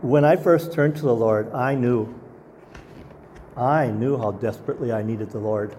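A man's voice: medium pitch, normal speed, warm tone, slight background noise. A man preaching a sermon as pastor, earnest and asking the congregation rhetorical questions.

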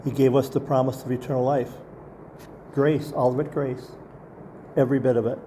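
A man's voice: medium pitch, flat delivery, normal speed, mellow, a little hiss or hum. A man preaching a sermon as pastor, earnest and asking the congregation rhetorical questions.

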